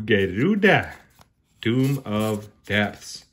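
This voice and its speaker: A man hosting his own card-opening channel, chatting casually and excitedly with viewers, joking and calling them brother and man. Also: medium pitch, moderate pace. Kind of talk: casual unboxing commentary.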